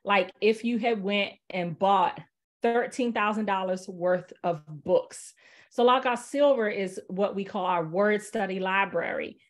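Casting note: relaxed, chatty woman demoing software on a webinar call, mid-pitched, lots of ums. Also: a little slow. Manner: chatty, relaxed, with many fillers. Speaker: software presenter. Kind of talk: casual webinar demo.

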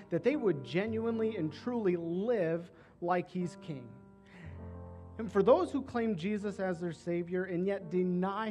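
A man, a pastor, preaching a sermon in a rhythmic way, repeating phrases, rising through lists and slowing on key words before closing in prayer. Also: high voice, a little mellow.

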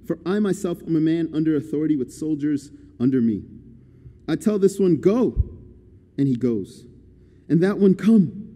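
A man preaching a sermon as a guest speaker, animated and swinging between quiet and loud passages. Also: fairly high pitch. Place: church hall. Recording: church hall reverb.

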